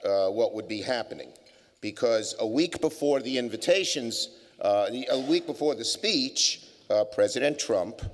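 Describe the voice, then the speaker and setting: An older man giving a public speech at a business forum, telling wry anecdotes with plenty of fillers. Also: fairly low pitch. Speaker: keynote speaker. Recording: long hall reverb.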